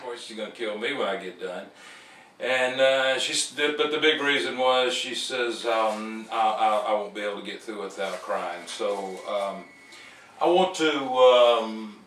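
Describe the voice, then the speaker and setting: A man's voice: on the low side, fairly bright tone, echoey room, recorded from a distance, a little hiss or hum, rough recording. A man hosting a call-in talk show, rambling with many fillers and restarts. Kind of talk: casual talk-show monologue.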